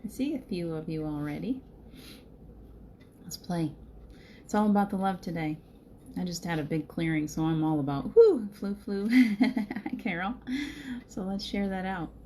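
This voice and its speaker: A middle-aged woman with a faint Southern American accent chats warmly to her live-stream viewers, greeting them one by one. Her voice is mellow and fairly low, and soft ambient noise hangs behind her. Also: normal speed, long pauses. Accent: slight Southern American. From Southern United States. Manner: chatty, greets viewers by name, laughs often. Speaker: spiritual live-stream host. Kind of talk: casual live-stream chat.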